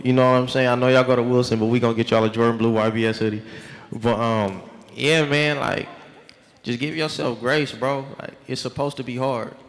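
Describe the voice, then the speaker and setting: Gravelly dude talking slangy and chill on stage, pretty flat delivery, big echoey hall. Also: male voice, mid-range voice, a little fast. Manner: laid-back, slangy, blunt. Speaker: guest artist. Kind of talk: casual advice on stage. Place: large school hall.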